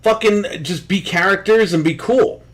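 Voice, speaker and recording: High-voiced man ranting and swearing. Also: normal speed. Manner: profane, loud, ranting. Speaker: podcast co-host. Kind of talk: casual podcast rant.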